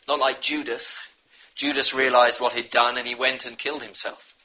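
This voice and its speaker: A man's voice: medium pitch, flat delivery, normal speed, bright, forceful tone, slight background noise, rough recording. A man preaching a sermon, earnestly urging his listeners to repent. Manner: earnest, pleading exhortation.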